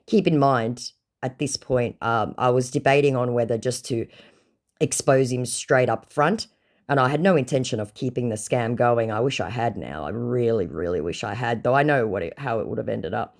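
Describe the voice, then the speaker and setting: A woman's voice: a bass voice, normal speed. A woman telling a story about a scam chat in a casual, sarcastic and mocking way. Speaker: scam-baiting content creator.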